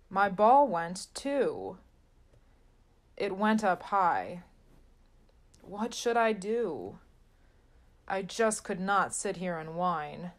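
Woman reading a children's picture book aloud, sing-song rhymes, slow pace, mid pitch. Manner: sing-song rhyming delivery. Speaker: storybook reader.

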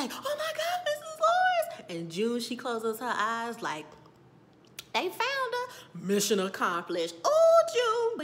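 A woman's voice: mid-range voice, slight background noise. A woman giving a casual recap and review of a TV episode, telling it as a story and acting out the characters' lines with exclamations. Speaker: TV recap vlogger.

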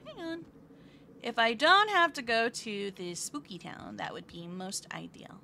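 A woman's voice: medium pitch, very animated, measured pace, creaky, sharp tone, a little hiss or hum. A woman streaming a game live, chatting playfully with her viewers, fake-whining and squealing at what happens on screen. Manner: playful, chatty, reads chat aloud.

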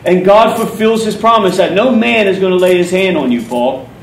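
A man with a Philadelphia accent preaches in a loose, conversational way, repeating words as he retells scripture. His voice sits high for a man. It is caught from a distance in a roomy hall with faint background noise. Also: moderate pace. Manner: conversational teaching, paraphrasing scripture with repetitions. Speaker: pastor. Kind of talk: sermon. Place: church hall. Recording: echoey hall from far off.

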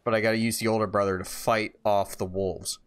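A man casually commenting while playing a video game for the first time, reacting loudly to surprises and musing quietly in between, a bit tired. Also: fairly low pitch, fairly quick, clean tone. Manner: reactive, swings from calm musing to excited shouts. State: tired, yawning. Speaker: gaming YouTuber. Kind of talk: casual let's-play commentary.

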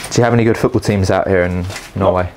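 A chatty man with a lowish voice jokes and laughs his way through casual talk on the job. He is recorded outdoors at a work site, with steady noise behind him. His talk stays loose and friendly. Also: fast talker. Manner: joking, chatty, laughs often. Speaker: vlogger electrician. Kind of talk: casual chat.

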